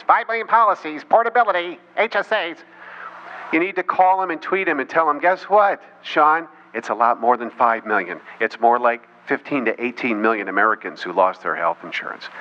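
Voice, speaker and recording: A man's voice: medium pitch, very animated, a little fast, sharp tone. A man giving a speech to an audience, telling a story with mocking asides and quoted voices. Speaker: political speaker. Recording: dull lo-fi recording with faint noise.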